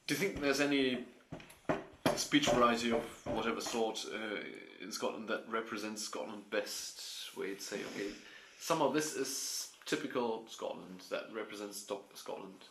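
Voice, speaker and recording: A woman's voice: extremely low pitch, moderate pace. A woman interviewer asking questions carefully, often rephrasing them. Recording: echoey room, faint noise.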